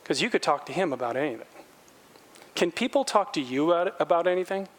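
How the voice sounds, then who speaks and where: A middle-aged man preaching a sermon as pastor, animated, acting out quotes in a raised voice and dropping low and quiet on earnest points. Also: fast.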